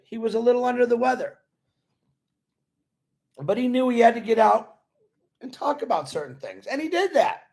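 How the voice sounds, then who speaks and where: A man's voice: very high voice, creaky, darkish tone. A man giving a casual motivational talk to company members. He is earnest and rambling and repeats his points. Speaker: company supporter talking to members.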